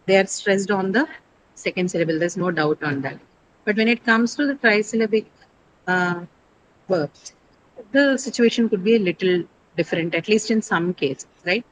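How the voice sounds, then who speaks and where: A woman's voice: mid-range voice, slight background noise, rough recording. Woman teaching an online class. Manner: explanatory, quizzes students, frequent "right?" checks. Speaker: English teacher. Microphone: video call.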